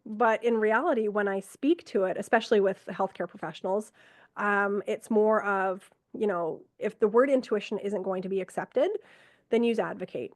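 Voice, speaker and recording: A middle-aged woman, an ER nurse from Canada, telling stories from work in a lively conversational way, acting out what she and others said. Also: medium pitch, normal speed, dry recording. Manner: animated, quotes herself and others, frequent fillers. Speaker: ER nurse, podcast guest. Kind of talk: conversational storytelling.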